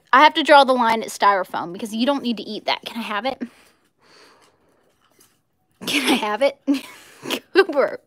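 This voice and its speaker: Young woman, high voice, bubbly and chatty, home kitchen, phone on tripod. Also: fairly bright tone. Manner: bubbly, chatty, talks to viewers and her dog. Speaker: cooking livestream host. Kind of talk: casual live cooking chat.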